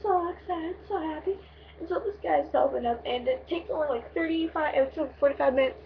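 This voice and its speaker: A young woman vlogger telling a long road-trip story in a rambling, excitable way, swearing freely. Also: sits high, quick pace, gravelly, far from the mic, narrow, tinny audio, slight background noise. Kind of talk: casual storytelling vlog.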